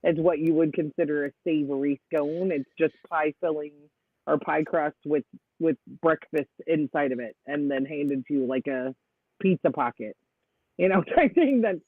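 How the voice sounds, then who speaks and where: A man's voice: a little high, no room sound. A man hosting a live stream in casual chat, talking at length and laughing often. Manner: chatty, laughs often, animated storytelling. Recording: dry tinny phone-like sound.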